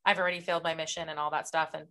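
A young woman with a bright, forceful voice talks through a fantasy book with her friend on a podcast. She keeps it casual and chatty, slipping into characters' lines as she retells the scenes. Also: low voice, level tone, racing. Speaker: podcast co-host.

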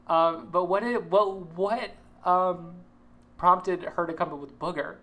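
A woman's voice: fairly low pitch, steady tone, slow, fairly bright tone. A woman co-hosting a podcast, retelling TV scenes with laughter, ums and restarts. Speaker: podcast co-host. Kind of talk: casual chat recapping a TV episode.

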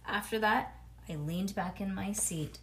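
A woman's voice: medium pitch, unhurried, a bit bright, slight background noise. A woman reading a children's storybook aloud to her child, with chatty asides between pages. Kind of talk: bedtime read-aloud.

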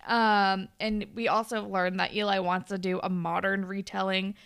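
A woman co-hosting a podcast in casual chat, blunt and quick to swear, laughing often. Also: medium pitch, flat delivery, gravelly, a bit bright, clear, resonant tone. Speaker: podcast co-host recapping a TV episode.

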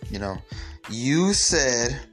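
A man's voice: mid-range voice, big pitch swings, very slow, fairly bright tone, soft background music. A young man giving a blunt, confrontational commentary rant, profane and rambling with frequent restarts. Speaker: commentary vlogger. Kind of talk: ranting commentary to camera.

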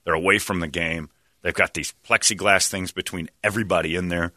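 Bright-voiced man telling a story. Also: deep voice, brisk, dry recording, studio quality. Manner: animated, acts out quotes of others. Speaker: talk show host. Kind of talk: casual storytelling chat.

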